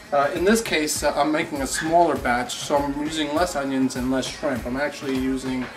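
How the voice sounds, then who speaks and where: A man giving a casual cooking demonstration in a kitchen, hesitant, with many filler sounds. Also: fairly high pitch. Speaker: home cooking instructor. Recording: music playing loudly behind.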